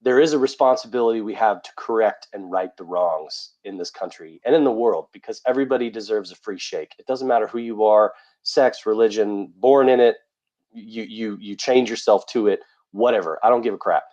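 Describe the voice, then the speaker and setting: A man's voice: fairly low pitch, fairly quick, darkish tone. Blunt guy on a podcast, cusses casually, kinda muffled lo-fi sound. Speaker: podcast co-host.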